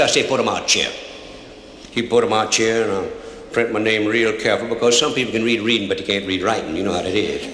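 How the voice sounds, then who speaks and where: A man's voice: lowish voice, fairly bright tone, slight background noise. An older man with a thick Cajun accent spins folksy tales before a live audience, drawling and bending his grammar on purpose. His voice rings through a roomy hall with a long reverb tail, and a faint room murmur sits underneath. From Louisiana. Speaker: storyteller. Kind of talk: live comedy storytelling.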